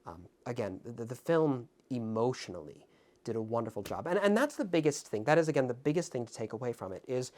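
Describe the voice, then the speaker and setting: A man hosting his own film review video, talking to camera in a reflective, halting way with many fillers and restarts, earnest and openly moved. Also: mid-range voice, animated, a little mellow. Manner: ornate formal sign-off. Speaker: film review channel host. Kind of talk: casual spoken film commentary to camera. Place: indoors in front of a camera.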